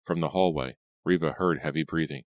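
A man narrating a teen thriller audiobook in a steady, suspenseful storytelling manner. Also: rumbling low, brisk, dry recording, clean studio sound. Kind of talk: scripted narration.

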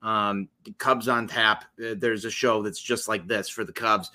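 A man hosting a casual sports podcast, telling stories in an animated, teasing way. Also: on the low side, a little slow. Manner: animated storytelling, excitable teasing. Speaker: podcast host.

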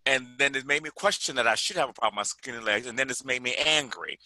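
Man, 40s, animated personal storyteller, bright, cutting tone, dry close sound. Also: mid-range voice, quick pace, few pauses, no echo, rough recording. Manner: animated, chatty, sprinkles "like", quotes people as he tells it.

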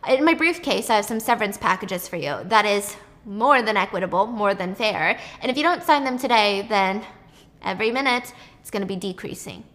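A woman's voice: mid-range voice, lively intonation, a little fast, fairly bright tone, close to an everyday voice. A woman voicing an arrogant, irritable wealthy businessman in a retold story. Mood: cold. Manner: clipped, irritable, impatient. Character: rich arrogant middle-aged businessman, curt.

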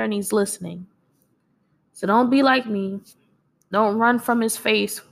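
A woman with a medium-pitched voice and vocal fry shares her faith in an earnest, encouraging devotional talk. She's tearful and cries a little, yet lets out soft laughs too.

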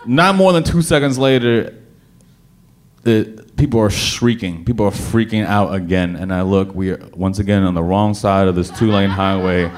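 A man telling a personal story to an audience, animated and dramatic, often repeating words as he restarts. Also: fairly low pitch, moderate pace.

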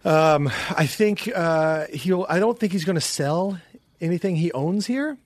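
A man co-hosting a casual podcast chat, relaxed and hesitant with fillers. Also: on the high side, unhurried, no room sound. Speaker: podcast co-host.

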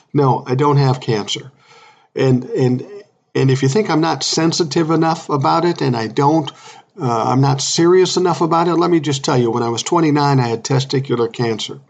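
A man's voice: medium pitch, moderate pace, gravelly, highs cut off. Blunt profane man in his sixties. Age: 60s. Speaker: podcast host. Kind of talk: solo podcast rant.

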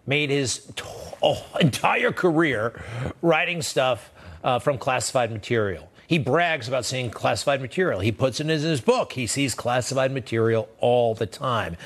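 A man hosting a TV news show, delivering sarcastic, animated commentary that leaps upward in pitch for emphasis. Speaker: TV news host.

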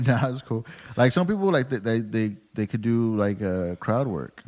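A man's voice: mid-range voice, a little slow, darkish tone. A man hosting a casual interview podcast, laid back, often nodding along with short agreements. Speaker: podcast host.

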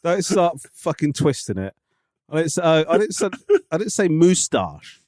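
A man's voice: a little high, big pitch swings, moderate pace, darkish tone, no echo, studio quality. A man in casual podcast banter, sweary and teasing, telling stories with animation.

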